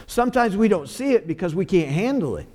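A man's voice: sits high, very animated, fast talker, warm tone, a little hiss or hum. A man preaching a sermon in a church, earnest and repeating phrases for emphasis. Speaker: pastor.

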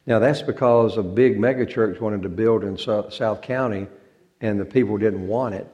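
A man's voice: fairly low pitch, normal speed, warm tone. A male pastor giving an informal talk to a church congregation, folksy and joking and drawing out words for effect. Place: church sanctuary.

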